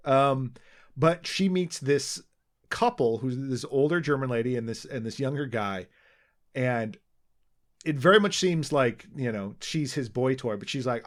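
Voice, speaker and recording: A man's voice: medium pitch, moderate pace. Rambling man co-hosting a podcast. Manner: rambling, restarts, many fillers. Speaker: podcast co-host. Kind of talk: casual chat.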